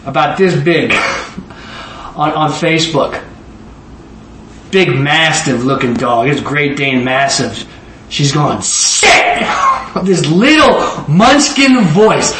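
This sermon comes from a man in his forties whose fairly high voice is animated yet slow-paced and conversational, often asking the congregation questions. The mic catches him from far off in a roomy, echoing space with faint background ambience and slight hiss or hum.

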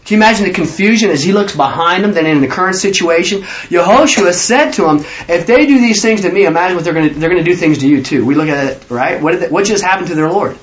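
A man's voice: sits high, lively intonation, fast talker, hardly any pauses, muffled recording. A man leading an informal Bible study, rambling through his points and acting out the figures he quotes. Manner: rambling, acts out scripture figures.

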